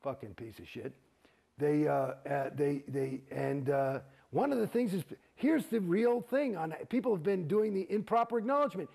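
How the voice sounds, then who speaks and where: A middle-aged man, an actor, telling his own story in an interview, profane and animated, acting out the exchanges he describes. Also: fairly high pitch, normal speed, vocal fry. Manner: profane, animated, gets heated and acts out quoted exchanges.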